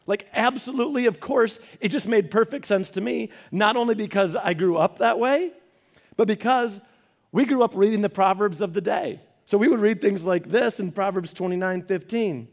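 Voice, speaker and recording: A male pastor with a high voice delivers a sermon through lively family anecdotes. He laughs in between and acts out the people in his stories. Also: moderate pace. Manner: animated storytelling, laughing asides.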